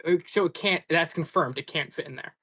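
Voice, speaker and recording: A man's voice: fairly high pitch, a little fast, sharp tone. A man playing a tabletop game, hesitant and full of questions. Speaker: player. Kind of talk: casual tabletop chat.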